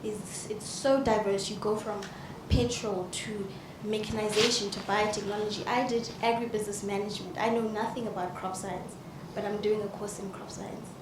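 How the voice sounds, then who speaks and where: A woman's voice: medium pitch, fairly even intonation, moderate pace. A woman speaking emotionally and emphatically from the audience at a panel. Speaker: audience member. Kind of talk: earnest comment from the floor. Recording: echoey hall with noisy ambience.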